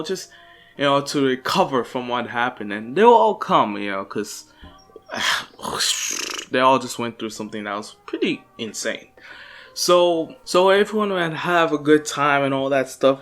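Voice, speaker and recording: A man's voice: medium pitch, fairly bright tone. A young man casually improvising a fan story, rambling with fillers and restarts. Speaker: channel host.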